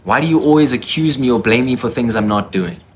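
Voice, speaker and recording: A man's voice: medium pitch, lively intonation, a little fast, slight background noise, natural voice. A man quoting a hurt, pleading girlfriend. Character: upset young girlfriend denying accusations.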